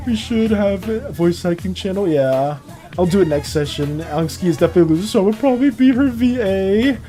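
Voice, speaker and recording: Animated streamer with a lively voice. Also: mid-range voice, soft background music. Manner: animated, rambling, quick to laugh. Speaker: streamer and game master. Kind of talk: casual live-stream chat.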